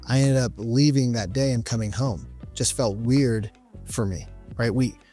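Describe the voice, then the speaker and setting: A man's voice: mid-range voice, unhurried, warm tone, soft background music. A man giving an earnest motivational talk to camera, retelling a coaching session with frequent "right?" asides. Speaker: business coach and vlogger.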